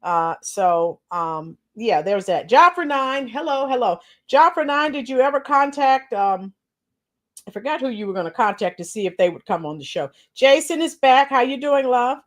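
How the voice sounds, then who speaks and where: Chatty woman livestream host, higher voice. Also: animated, moderate pace. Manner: chatty, warm greetings to viewers by name, frequent fillers; clears her throat often. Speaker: political commentary channel host. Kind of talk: casual livestream commentary, greeting chat viewers.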